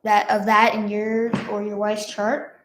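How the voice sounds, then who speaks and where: A woman reading listener comments aloud in a halting way. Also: mid-range voice, monotone. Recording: echoey room.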